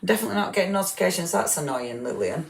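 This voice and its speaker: A woman with a fairly low voice chats on a craft live stream, greeting viewers one by one with plenty of fillers. She sounds tired, and the room around her is echoey. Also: lively intonation, very fast, creaky. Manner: chatty, warm greetings, many fillers, self-deprecating. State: tired, full after dinner. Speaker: livestream craft host.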